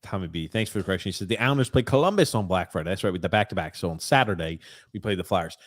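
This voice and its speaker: A man's voice: deep voice, animated, racing, no room sound, studio quality. A man hosting a podcast, reading out listener comments and chatting casually about hockey with loose swearing. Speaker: podcast host. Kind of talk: casual sports chat.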